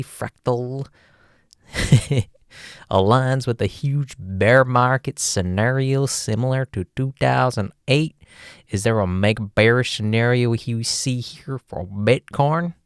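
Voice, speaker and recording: A man's voice: medium pitch, smooth, dry recording, studio quality. A man hosting a casual livestream, talking in a jokey, playful way and chuckling often. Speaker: livestream host.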